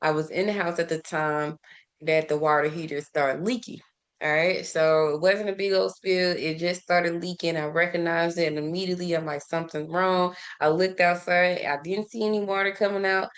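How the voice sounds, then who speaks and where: A woman with a lowish voice and fairly even intonation speaks at normal speed as a faith and self-care vlogger, giving a casual spoken devotional. She asks listeners rhetorical questions, laughs often, repeats words, and frequently restarts her sentences.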